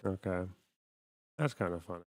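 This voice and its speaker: A man's voice: sits low, expressive, normal speed, a little mellow, no room sound, studio quality. Sardonic man reacting on a stream. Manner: sardonic, swears casually. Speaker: livestream host. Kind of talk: casual reaction commentary.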